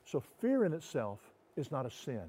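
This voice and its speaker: A male pastor delivers a sermon in a mid-pitched voice. He builds to loud, emphatic peaks and then drops into soft, slowed, intimate passages. His delivery is pastoral and expressive. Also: breathy edge. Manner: dynamic preaching, rising loud for emphasis then dropping soft and slow.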